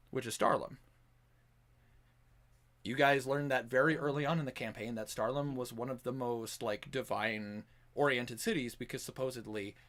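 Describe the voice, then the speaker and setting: A man's voice: medium pitch, a bit bright. A man narrating a tabletop game as game master over voice chat, loose and rambling with many fillers. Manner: loose narration full of "like" and restarts. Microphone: online voice call.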